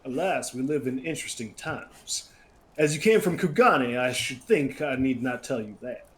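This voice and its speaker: A man's voice: mid-range voice, expressive, moderate pace, close to an everyday voice. A man putting on a sly accented pirate chief. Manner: put-on thick accent, drawling and sly. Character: scheming male pirate chief, haggling.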